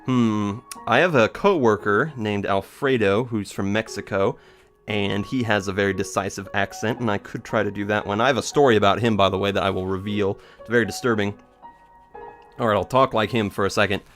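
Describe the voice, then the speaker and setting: A man's voice: on the low side, a little fast, fairly bright tone, faint music behind. A young man giving casual, rambling commentary while playing a video game, joking as he tells stories. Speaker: let's play gamer.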